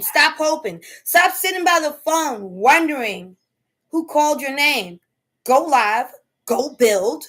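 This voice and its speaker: High-voiced woman giving emphatic life advice. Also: bright, forceful tone. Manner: preachy, emphatic, keeps asking "okay?"; casual slangy speech. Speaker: host. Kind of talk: motivational live talk.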